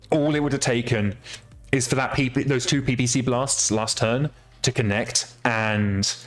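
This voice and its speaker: Guy streaming a game, casual, swears a lot, laughs at himself, mid voice, soft music in the back. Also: medium pitch. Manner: chatty, swears freely, laughs at his own mistakes. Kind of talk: casual let's-play commentary.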